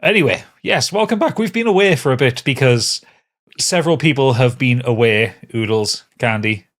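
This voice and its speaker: A man's voice: mid-range voice, normal speed. A man running a tabletop game as game master, trading teasing, sweary banter with his players. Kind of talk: casual tabletop game narration.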